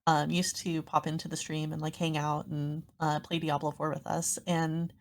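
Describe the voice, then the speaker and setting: A woman's voice: low voice, level tone, normal speed. A woman guest on a podcast, chatting casually and rambling through a story with lots of fillers. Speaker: guest streamer.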